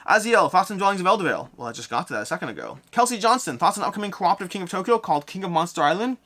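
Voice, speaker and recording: A man's voice: high-pitched, sing-song, rapid-fire. A young man hosting a live Q&A stream, reading viewer questions aloud and answering in a rambling, self-correcting way. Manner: rambling, self-correcting, reads names loudly. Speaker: board game channel host.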